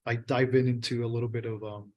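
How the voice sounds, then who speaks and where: A man's voice: mid-range voice, flat delivery, quick pace, muffled recording. Friendly man introducing himself. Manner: friendly, laughs easily. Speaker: workshop participant. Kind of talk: casual self-introduction.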